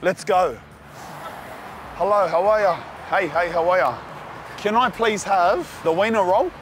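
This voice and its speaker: A young man with an Australian accent hosting a casual food vlog outdoors, talking in excited slang to the viewer. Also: sits high, unhurried, a little hiss or hum. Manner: excited slangy banter, calls the viewer cuz and bro. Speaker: food vlogger host. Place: outdoors at street food trucks.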